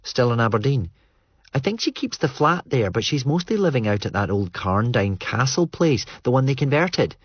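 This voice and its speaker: A man's voice: mid-range voice, very animated, moderate pace, slightly rough, no echo, lo-fi sound, pitched above the performer's own voice. A man voicing a brash, teasing young woman. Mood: breezy. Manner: blunt, breezy.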